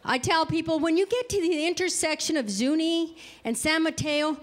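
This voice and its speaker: A middle-aged woman from New Mexico doing stand-up at a live venue. Her voice sits high, and she talks in a chatty, self-mocking way, slipping into the lines of the people in her stories. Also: moderate pace. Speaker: stand-up comedian. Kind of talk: stand-up comedy set.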